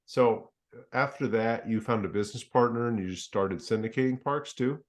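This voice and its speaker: A man's voice: medium pitch, normal speed. A man hosting a casual real estate interview, reacting supportively and asking follow-up questions. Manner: supportive, short affirming reactions. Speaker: podcast host, realtor.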